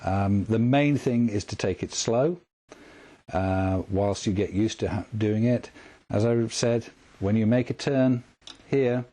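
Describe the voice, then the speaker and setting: A man calmly walking through a guitar tremolo setup step by step, patient and methodical. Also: lowish voice. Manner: calm, patient, step-by-step explaining. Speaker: guitar tech instructor. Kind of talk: instructional demonstration.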